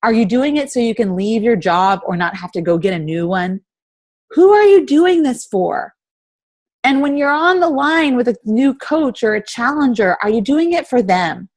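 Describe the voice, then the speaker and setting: A woman's voice: on the high side, expressive, moderate pace, few pauses. A woman in her thirties leading a motivational team call over video chat, full of rhetorical questions. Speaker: team leader.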